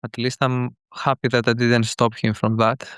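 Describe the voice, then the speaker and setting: A man calling in as a father, speaking earnestly and haltingly in a call-in conversation. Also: mid-range voice, little pitch movement, a bit bright, clean tone, no echo, studio quality. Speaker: caller, father.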